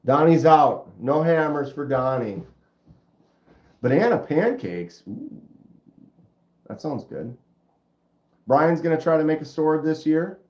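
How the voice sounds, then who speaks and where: A middle-aged man with a stuffy nose hosting a casual livestream, chatting with viewers in a laid-back, drawn-out way. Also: on the high side, very animated, a little mellow. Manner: laid-back, drawn-out, says dude and bro. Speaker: livestream host. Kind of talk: casual livestream chat reading comments. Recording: roomy, dull lo-fi sound.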